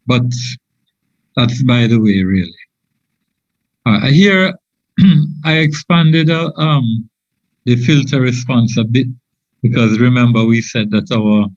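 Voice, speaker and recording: A man giving an informal engineering lecture, halting often with fillers and restarts. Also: medium pitch, darkish tone, dry recording. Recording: dull lo-fi dry audio.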